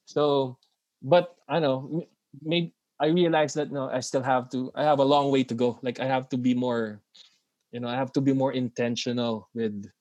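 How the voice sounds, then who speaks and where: A man who is a father of daughters, co-hosting a casual podcast chat and talking in halting bursts with many restarts and self-conscious laughs. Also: medium pitch, little pitch movement, a little mellow, dry recording, muffled recording. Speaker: podcast co-host.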